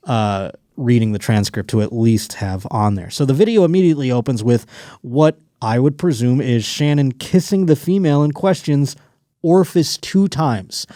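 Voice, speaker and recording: A man's voice: medium pitch, mellow, no room sound, studio quality. A man hosting a comedy podcast, telling rambling stories and riffing on the news in casual chat. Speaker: podcast host.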